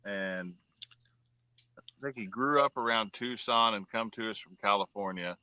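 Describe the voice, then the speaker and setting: A man's voice: lowish voice, normal speed, sharp tone, no echo, muffled recording. A man hosting a fishing show, chatting casually and rambling through long stories with lots of fillers. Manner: rambling storyteller, drawling, many fillers. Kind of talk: casual chat while fishing.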